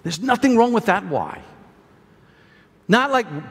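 A male pastor delivers a sermon with a high, lively voice that rises and falls dramatically. He often stumbles and repeats words, and now and then slips into the voice of someone in doubt. The sound carries a long hall reverb. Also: a little slow. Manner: animated preaching, acts out voices of doubters; many restarts and repeated words.

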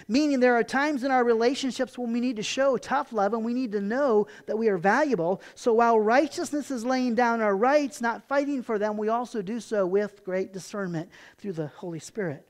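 At normal speed and with few pauses, a pastor reads scripture aloud in a sermon, his emphasis building as he goes. He unpacks the text in a conversational way, asks rhetorical questions, and frequently lets a point settle in a quiet, low voice.

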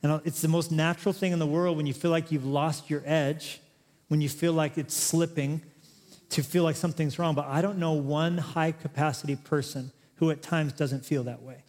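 A man's voice: a little high, fairly even intonation, moderate pace, darkish tone. A male pastor preaching a sermon, chatty and joking at times, then building to emphatic, rising exhortations. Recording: long reverb of a large hall.

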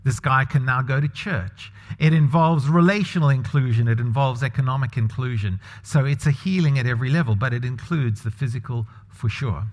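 A man's voice: medium pitch, a little fast, few pauses. A man preaching a sermon in a conversational way, putting questions to the congregation. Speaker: pastor. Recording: long hall reverb.

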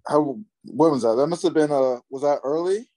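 A man co-hosting a casual podcast, agreeable and easygoing, pausing and restarting as he thinks. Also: a little high, mellow. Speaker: podcast co-host. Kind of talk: casual chat.

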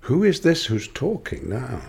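An older man from Lancashire with a Lancashire accent, a guest giving reflective interview answers, musing and halting with many restarts. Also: mid-range voice, wildly swooping pitch, creaky, a little mellow, husky. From Lancashire, England.

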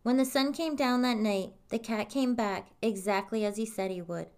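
A woman reading a fairy tale aloud in a calm, even storytelling manner. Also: fairly high pitch, moderate pace.

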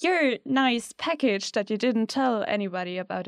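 Woman in a tabletop game, blunt and snarky, kinda high voice, dry mic. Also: lively intonation, normal speed, no room sound. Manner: blunt, sarcastic, swearing. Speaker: player. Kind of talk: in-character tabletop play.

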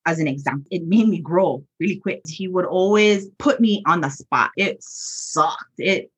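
A woman's voice: on the low side, normal speed, breathy edge. A woman who teaches hula, talking earnestly and animatedly in a casual reflective chat and laughing easily. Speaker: podcast co-host, hula teacher. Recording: dull, muffled recording.

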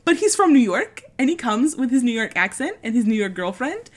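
A woman with a slightly high voice talks in a loose, chatty way. She swears a lot and tells stories with big energy. She often slips into put-on voices to act out scenes. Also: a little fast. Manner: animated storytelling, frequent swearing; doing voices while retelling scenes. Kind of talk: casual chat.

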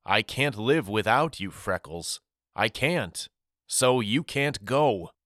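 A man's voice: medium pitch, expressive, takes it slowly, a bit bright, no room sound, clean studio sound. A man voicing a heartbroken husband and father who pleads desperately in an audiobook, his voice breaking. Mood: pleading. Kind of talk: audiobook character voice.

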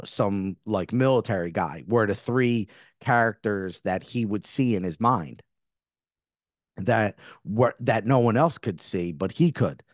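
A man's voice: lowish voice, no echo, clean studio sound. A middle-aged man hosting a spiritual podcast, talking earnestly in a rambling way full of restarts and self-corrections. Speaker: podcast host.

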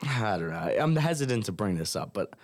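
A man's voice: fairly low pitch, sing-song, brisk. Hesitant man covering music news. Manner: hesitant, filler-heavy. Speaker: podcast co-host. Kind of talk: casual entertainment chat.

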